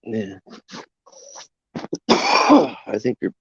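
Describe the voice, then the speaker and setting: A man in a casual chat, slow and drawn-out with coughs. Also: on the low side, wildly swooping pitch, vocal fry, fairly bright tone, breathy edge, no room sound. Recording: dry dull lo-fi sound.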